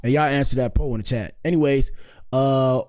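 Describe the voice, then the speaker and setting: A man's voice: medium pitch, fairly even intonation, a little fast, heavy background noise. A man hosting a casual live-stream commentary show, talking loosely and slangily and peppering his lines with "bro" and "dog". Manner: laid-back, slangy, keeps saying "bro" and "dog".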